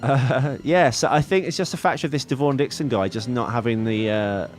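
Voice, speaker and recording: Over soft background music, a podcast co-host with a medium-pitched voice talks briskly and casually about movies. He's rambling and jokey, often correcting himself along the way.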